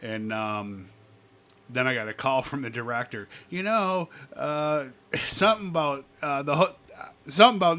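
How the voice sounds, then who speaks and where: A man's voice: fairly high pitch, measured pace, bright, forceful tone. A man hosting a casual chat over drinks, rambling, laughing often and swearing freely. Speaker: podcast host.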